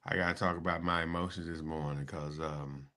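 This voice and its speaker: A middle-aged man, hosting a casual live-stream chat and joking sarcastically with sudden excited high bursts. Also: fairly quick. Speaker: host.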